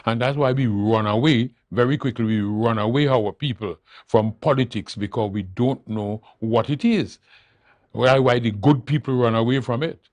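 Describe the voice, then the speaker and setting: Guesting on a studio talk show, an older political leader speaks with emphasis at normal speed in a mid-range voice. He hammers his points home by repeating key phrases. The recording is dry.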